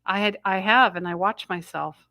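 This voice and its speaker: A woman's voice: mid-range voice, moderate pace, sharp tone, no room sound, clean studio sound. A middle-aged woman hosting a live spiritual energy update, rambling and breaking off mid-sentence as she passes on messages she says she hears. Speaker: intuitive astrology host.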